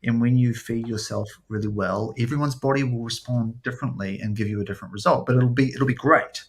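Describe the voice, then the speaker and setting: Animated, rambling man hosting a podcast. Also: mid-range voice, a little fast. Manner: rambling, animated storyteller who swears freely. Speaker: podcast host. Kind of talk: casual podcast chat.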